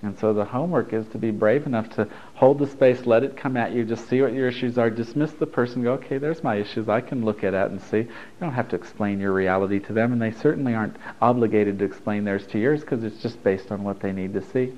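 A man's voice: fairly low pitch, fast talker, a little mellow, highs cut off. A man giving a loose, conversational spiritual talk to a group, laughing and swearing freely as he teaches.

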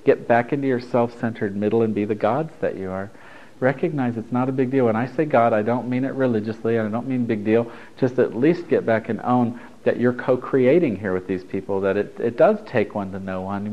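A man's voice: medium pitch, brisk, muffled recording. A man giving a loose, conversational spiritual talk to a group, laughing and swearing freely as he teaches.

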